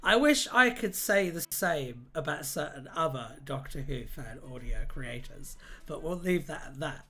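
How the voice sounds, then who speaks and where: A man hosting a livestream, chatting casually and reading aloud, irreverent and quick to swear and laugh. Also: fairly high pitch, animated, fairly bright tone. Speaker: livestream host.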